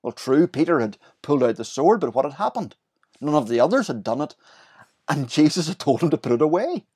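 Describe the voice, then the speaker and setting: With a slightly high, breathy-edged voice and a brisk delivery, a man lively explains a scripture passage in his sermon and voices the quoted words.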